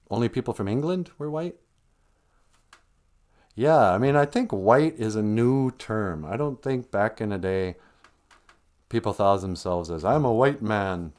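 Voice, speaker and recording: A man hosting a casual livestream who rambles, chuckles and reads out viewer comments between tangents. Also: fairly low pitch. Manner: rambling, chuckling, animated asides. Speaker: livestream host.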